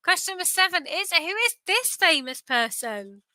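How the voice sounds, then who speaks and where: Bright, high-voiced tired quiz host. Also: female voice, very animated, normal speed, no echo, poor audio. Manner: chatty, self-deprecating, sing-song repetition. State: tired, yawning. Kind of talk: casual quiz livestream chat.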